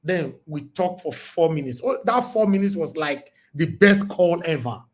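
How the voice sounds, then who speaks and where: A Nigerian man hosting a live call-in show, talking emphatically and preachily, with his voice going hoarse. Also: a little high, lively intonation, moderate pace. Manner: emphatic and preachy, loud bursts. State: losing his voice. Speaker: host.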